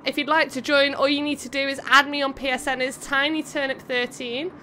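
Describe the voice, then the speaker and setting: High bright girl streaming a race, bubbly, chatting to chat, faint hiss behind. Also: little pitch movement, a little fast. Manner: bubbly, giggly, chats to viewers between calls. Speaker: streamer hosting a racing game event. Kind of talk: live race commentary and chat.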